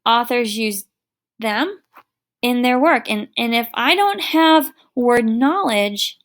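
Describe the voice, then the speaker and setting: A woman's voice: fairly high pitch, expressive, takes it slowly. A middle-aged woman teacher giving a recorded online lesson, explaining patiently with everyday examples.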